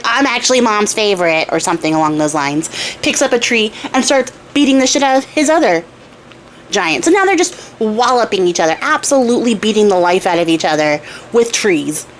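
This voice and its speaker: A woman's voice: mid-range voice, slight background noise. A young woman retelling a fairy tale in a chatty, irreverent way with casual swearing. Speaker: storyteller and crafter. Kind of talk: casual storytelling.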